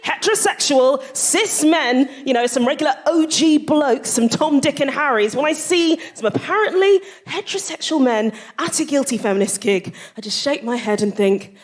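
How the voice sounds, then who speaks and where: A woman comedian doing a stand-up bit on a live podcast stage, animated and mock-earnest. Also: sits high, moderate pace, few pauses. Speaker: co-host comedian.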